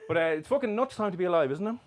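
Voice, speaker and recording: A man's voice: high-pitched, expressive, rapid-fire. A man doing live stand-up comedy, bantering and swearing with the crowd in a mocking, brash way. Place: comedy club stage. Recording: live club recording with crowd noise. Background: crowd laughter.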